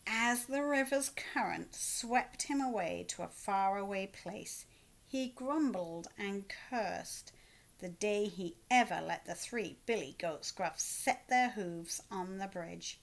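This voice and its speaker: A woman reading a picture book aloud to children, expressive, with asides to her young listeners. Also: mid-range voice, gravelly. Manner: slow, expressive read-aloud with asides to kids. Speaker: children's story reader.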